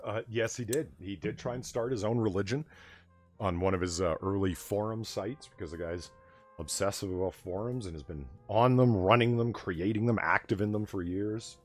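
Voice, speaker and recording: A man hosting a late-night casual chat stream, an animated storyteller who swears freely. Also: lowish voice, moderate pace, faint music behind. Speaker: stream host.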